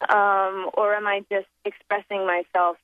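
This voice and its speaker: An unhurried woman with a flat, mid-range delivery chats as a guest in a laid-back phone interview, and the line is tinny and dry with no echo. She performs accents, muses aloud in a reflective way, laughs frequently, and keeps stopping to restart amid plenty of fillers.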